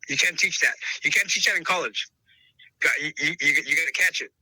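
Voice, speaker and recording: Man, casual interview, emphatic and repetitive, fairly high voice, hard sharp tone. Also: a little fast, breathy edge, dry recording, rough recording. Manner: emphatic, repeats himself, calls listener brother. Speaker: podcast host interviewed as dog trainer.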